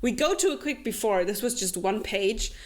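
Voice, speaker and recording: A young woman hosts a casual book club chat and recaps a fantasy novel with sarcastic asides. She talks animatedly and fills her pauses with fillers. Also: medium pitch, expressive.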